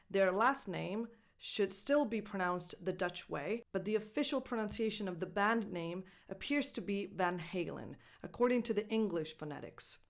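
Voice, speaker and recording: A woman with an Italian accent teaching English pronunciation, repeating words slowly and breaking them into syllables. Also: lowish voice. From Italy. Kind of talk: pronunciation lesson.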